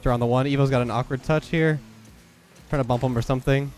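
A young man talks fast through his own match, calling plays with quick, focused commentary. His voice is stuffed up and nasal from a cold, and faint game music plays underneath. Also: medium pitch, steady tone, darkish tone. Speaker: gaming YouTuber. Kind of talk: live gameplay commentary.

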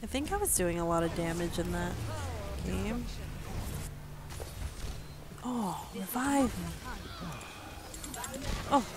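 A woman's voice: lowish voice, big pitch swings, slow, long pauses, noisy background. A woman streaming a video game, chatting casually, teasing someone in the room and laughing often. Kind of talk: casual gameplay chat.

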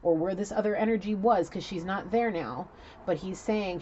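A woman's voice: medium pitch, moderate pace, dark tone, highs cut off, a little hiss or hum. A woman doing an intuitive reading, talking casually and emotionally and swearing freely. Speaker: intuitive reader.

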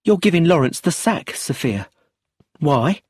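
A man doing a shrill frantic young widow. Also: sing-song, a little slow, breathy edge, no echo, studio quality, exaggerated voice. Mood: sharp, accusing. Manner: screaming, high and desperate.

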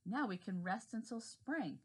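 A woman's voice: medium pitch, lively intonation, unhurried, breathy edge. A woman voicing Waggle, a friendly little male garden worm in a children's storybook read aloud. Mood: eager.

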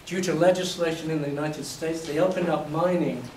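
A man from England lectures a class, his somewhat raised voice slightly hoarse as he acts out his examples with lively storytelling. He is picked up from a distance in a reverberant hall, with a faint hum of room noise underneath. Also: fairly high pitch, a little fast. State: voice a little hoarse. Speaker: university lecturer.

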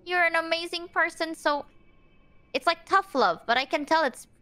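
A woman's voice: very high voice, normal speed, sharp tone, a little hiss or hum. A woman streamer in casual chat, easygoing and supportive. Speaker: streamer guest.

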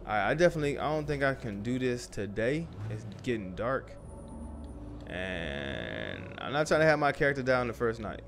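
A man's voice: medium pitch, big pitch swings, normal speed, creaky, fairly bright tone, faint music behind. A young man, a father, casually commenting on a survival game as he plays, cursing and talking to himself and the characters on screen. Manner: loose, profane, talks to himself and the game. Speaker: gaming YouTuber.

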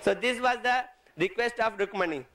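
A man, translating a devotional talk into as he retells a sacred story, often halting and rephrasing mid-sentence. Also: sits high, pushed and bright, a little hiss or hum, poor audio.

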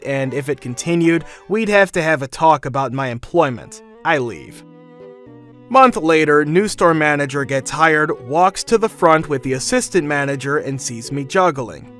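A man narrating a first-person workplace story in a steady, matter-of-fact scripted read. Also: a little high.

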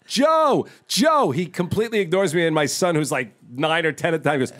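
A man's voice: a little high, quick pace. Chuckling man spinning a story. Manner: laughing, excitable storyteller. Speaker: podcast co-host. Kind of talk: casual podcast chat.

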